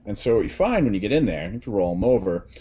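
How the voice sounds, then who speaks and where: A man running a tabletop role-playing game as game master, narrating scenes in a calm, measured way. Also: fairly low pitch, slightly rough, dull audio, soft background music.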